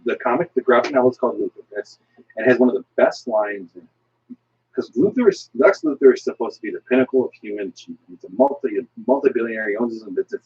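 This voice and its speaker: Husky man with a lively, halting voice. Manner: halting, restarts often, hops in pitch. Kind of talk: casual roundtable chat. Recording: dull lo-fi recording.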